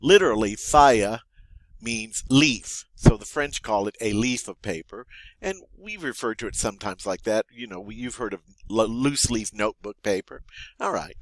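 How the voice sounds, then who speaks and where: A man's voice: lowish voice, lively intonation, normal speed, dry recording. A man, teaching French vocabulary, saying each word twice and then explaining it. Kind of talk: vocabulary lesson.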